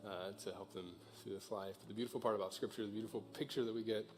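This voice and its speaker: Casual, joking young pastor. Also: male voice, fairly low pitch, steady tone, fast talker, soft background music. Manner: casual, joking, full of fillers. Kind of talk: informal sermon and prayer. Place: church auditorium.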